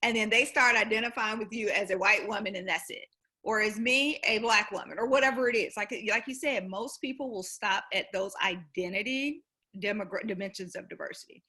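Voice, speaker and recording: A woman's voice: medium pitch, a little fast, sharp tone, slightly rough. A woman guest speaker in a fireside chat over a video call, talking in an earnest, conversational way. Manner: earnest, conversational, lots of "you know".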